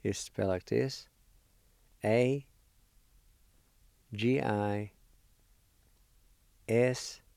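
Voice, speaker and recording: A man teaches a language lesson, spelling out words one letter at a time and saying them slowly and deliberately. His voice sits on the low side, gravelly and dark, with no echo.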